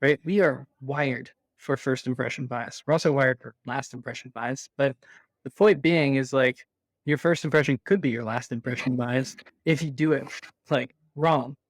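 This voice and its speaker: A man being interviewed, explaining his ideas in an animated, conversational way and laughing easily. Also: medium pitch, normal speed, no echo. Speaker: interview guest.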